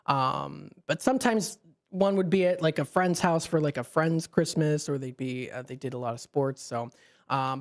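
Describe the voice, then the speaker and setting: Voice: mid-range voice, darkish tone. A radio host, chatting on a live call-in show from a studio microphone, rambling with many fillers and restarts.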